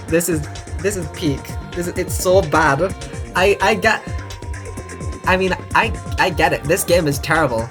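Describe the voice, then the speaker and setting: A woman streamer giving live gameplay commentary, gushing and excitable, swearing and laughing often. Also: on the low side.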